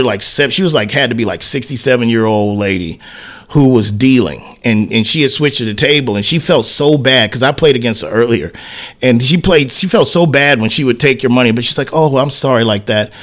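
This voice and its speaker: A man co-hosting a sports talk radio show, telling a casual story and acting out the quoted dialogue, with "man" and "whatever" peppered through his speech. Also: medium pitch. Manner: animated anecdote teller who acts out quoted dialogue, frequent "man" and "whatever".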